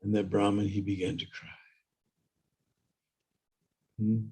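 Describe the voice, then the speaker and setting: A man's voice: lowish voice, level tone, brisk, dark tone, breathy edge. A man preaching a storytelling sermon, talking conversationally and prompting listeners with "hmm?" and "huh?".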